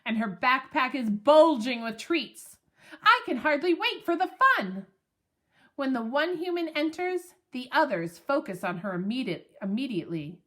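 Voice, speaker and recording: A woman narrating a children's storybook in an expressive, playful way. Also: on the high side. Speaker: audiobook narrator.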